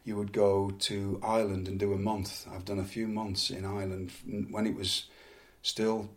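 A middle-aged man from England, a former wrestler, telling animated anecdotes in a casual chat with frequent laughs and repeated words. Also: on the low side, normal speed.

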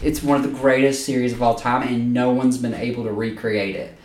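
A man's voice: mid-range voice, flat delivery, brisk, a little mellow, reverberant, recorded from a distance, a little hiss or hum. A man co-hosting a podcast in casual chat, enthusiastic and loose, swearing freely as he gushes. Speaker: podcast co-host.

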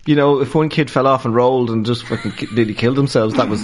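A man's voice: mid-range voice, fast, slight background noise. Dublin man telling stories, laughing. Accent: Dublin Irish. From Dublin, Ireland. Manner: animated, laughing through his stories. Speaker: guest, stand-up comedian. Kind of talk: casual storytelling in a podcast interview.

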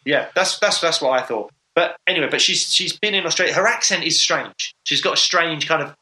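A man's voice: a little high, fairly quick, sharp tone, poor audio. A man co-hosting a podcast, chatting casually and enthusiastically with lots of fillers. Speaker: podcast co-host. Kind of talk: casual sports chat.

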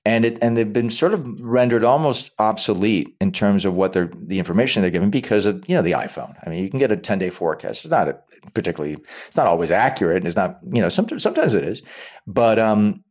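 A man's voice: on the low side, lively intonation, fast talker, darkish tone. A man, an actor, talking casually in an interview, often repeating words as he restarts and acting out quoted lines. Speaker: actor guest.

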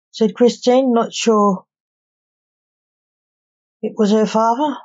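A woman reading a storybook narration in a calm, unhurried way. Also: mid-range voice. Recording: dull lo-fi recording.

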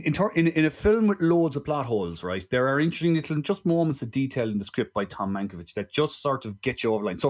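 An Irish man co-hosting a casual film-review podcast, chatting in a digressive way with frequent "right?" asides. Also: medium pitch. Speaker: podcast co-host.

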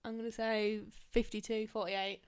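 A woman's voice: a little high, level tone, normal speed, clear, resonant tone. A woman in her twenties with a Birmingham accent, co-hosting a casual podcast chat with a chatty, teasing manner and casual swearing. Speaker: podcast co-host.

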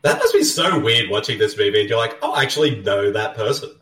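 A man with a lowish voice and a lively, swinging pitch hosts a relaxed movie commentary. He chats, laughs easily and fills the gaps with ums. He sounds set back from the mic in a roomy space with faint music behind. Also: fast, recorded from a distance. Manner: chatty, laughs often, trails off with um and uh. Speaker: podcast host.

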